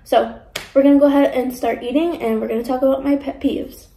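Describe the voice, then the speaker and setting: A young woman vlogging casually as she eats, chatting in an animated way and acting out the voices in her stories. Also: sits high, fairly quick, slight background noise. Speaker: mukbang vlogger. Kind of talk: casual chat while eating. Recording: echoey room.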